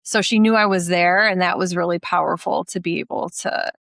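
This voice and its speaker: A woman's voice: lowish voice, steady tone, a bit bright, dry recording. A woman co-hosting a podcast, speaking reflectively in casual conversation. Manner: reflective, quick supportive interjections. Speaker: podcast co-host.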